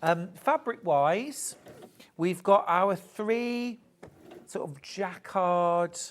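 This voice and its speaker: A man's voice: sits high, expressive, very slow. A man presenting a live shopping show, chatting and joking as he gushes over fabrics. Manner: chatty, gushing, jokey. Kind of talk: live sales chat.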